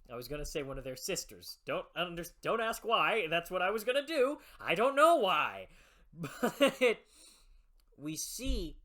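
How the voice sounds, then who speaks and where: A man's voice: medium pitch, a bit bright. A man talking casually about a fantasy book series, enthusiastic and rambling, often correcting himself and laughing. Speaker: book reviewer. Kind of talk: casual vlog commentary.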